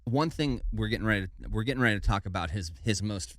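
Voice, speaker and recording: A man's voice: on the low side, expressive, fast, very noisy. A man co-hosting a podcast, telling a war story in a casual, laid-back way and stumbling over foreign names. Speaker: podcast co-host.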